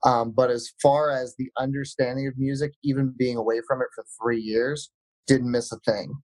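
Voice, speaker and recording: Male guest musician, measured and reflective, dry recording. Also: medium pitch, steady tone, darkish tone, dry recording, rough recording. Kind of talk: casual interview answers.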